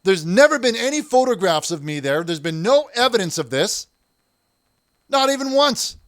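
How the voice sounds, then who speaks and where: Casting: preachy, defensive call-in host, higher male voice, dry sound. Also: big pitch swings, normal speed, a bit bright, no echo. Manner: self-righteous, defensive. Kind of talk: comic call-in show hosting.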